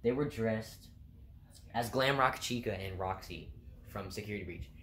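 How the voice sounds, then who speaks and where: Young male vlogger, lowish pitch, loose chatty storyteller who laughs at his own anecdotes. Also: moderate pace, fairly bright tone, slight background noise. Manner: rambling, laughs at own stories, swears casually. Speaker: food court worker. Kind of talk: casual storytelling.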